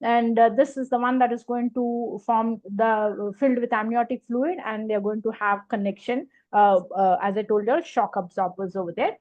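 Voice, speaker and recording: A woman's voice: fairly high pitch, steady tone, moderate pace, few pauses, a little mellow, lo-fi sound. A woman giving a university lecture, explaining step by step with many fillers and repeated phrases.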